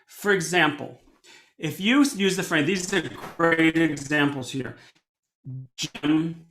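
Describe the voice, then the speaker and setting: A man teaching a storytelling workshop as a cantor, animated and conversational, often restarting his sentences. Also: on the high side, slow, slight background noise. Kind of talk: workshop lesson. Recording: echoey room.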